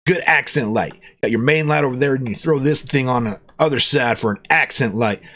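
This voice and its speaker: A man talks his way through an unboxing in a loose, casual vlog. He jokes in a playful cowboy persona, and his voice sits in a middle range before leaping up when he gets excited. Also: mid-range voice, a little fast. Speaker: product reviewer.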